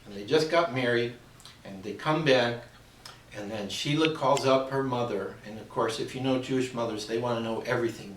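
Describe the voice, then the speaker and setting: A man giving a rambling, chatty pitch in a casual homemade video, slipping in jokes. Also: slight background noise. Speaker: crystal skull seller presenting his products. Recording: roomy echo, far from the mic.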